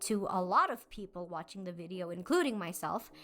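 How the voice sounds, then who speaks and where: A woman in her twenties, a medical student, narrating a scripted commentary video in a measured, explanatory way. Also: on the low side, expressive, a bit bright. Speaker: YouTube commentary host.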